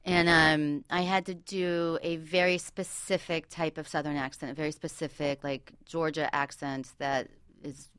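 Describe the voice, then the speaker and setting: Laughing, animated actress in dry chat. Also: female voice, low voice, moderate pace, few pauses, smooth, no echo. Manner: laughs often, animated storyteller. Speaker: podcast guest, actress. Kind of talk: casual chat.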